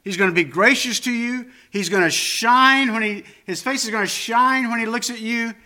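His voice is very high and sharp, moving at a moderate pace with few pauses. The pastor's sermon feels conversational and self-deprecating, gaining force as he repeats phrases emphatically and rises on the key ones.

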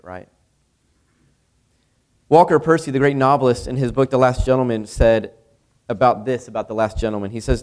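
A man's voice: mid-range voice, a little mellow. A young male pastor giving a sermon in a conversational way, with many rhetorical questions.

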